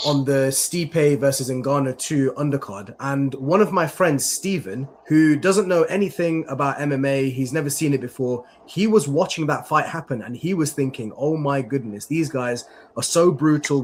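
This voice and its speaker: A man's voice: medium pitch, slight background noise. A male MMA interviewer asking long, rambling questions in a chatty, casual way.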